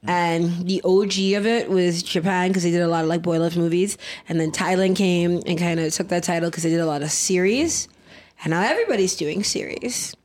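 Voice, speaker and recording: A woman's voice: on the low side, brisk, a little mellow. A woman in her thirties co-hosting a podcast in casual chat, chatty and rambling, sometimes talking with food in her mouth. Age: 30s. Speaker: podcast co-host.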